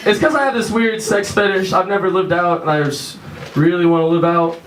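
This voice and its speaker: A young man performing a crude stand-up comedy set on a theater stage, telling loose stories and switching into quick voices for his friends. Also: high voice, steady tone, fairly bright tone, far from the mic, a little hiss or hum. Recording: echoey room, mic heard from afar. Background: audience laughter.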